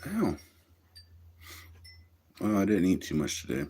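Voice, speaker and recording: A man talks loosely on his livestream, cursing freely and breaking into laughter as he rambles. His voice sits low and husky. His pitch jumps around animatedly. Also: wildly swooping pitch, a little slow, mellow. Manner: profane, laughs often, drawling storytelling. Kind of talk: rambling casual livestream chat.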